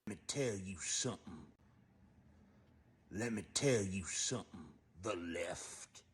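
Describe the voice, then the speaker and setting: A man voicing a menacing mock Southern hillbilly man with a put-on Southern US drawl and hushed, threatening asides. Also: low-pitched, slow, breathy edge, full character voice. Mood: mock menace.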